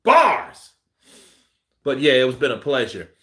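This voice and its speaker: A man's voice: mid-range voice, lively intonation, a little slow, a bit bright. A man hosting a boxing live stream, reading viewer comments in a loose, joking way and laughing often. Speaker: boxing channel host. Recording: roomy echo.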